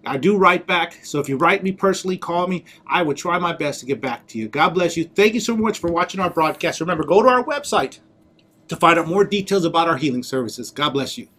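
A man preaching a sermon and telling a story in an animated way, laughing now and then. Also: on the high side, fairly quick, heavy reverb, distant mic, poor audio.

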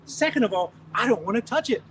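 A high-voiced American man preaching, spinning animated stories with chuckles and restarted phrases. He sounds a little distant from the microphone, and faint background noise sits under his words. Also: fast talker. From United States. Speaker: pastor. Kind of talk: storytelling sermon testimony.

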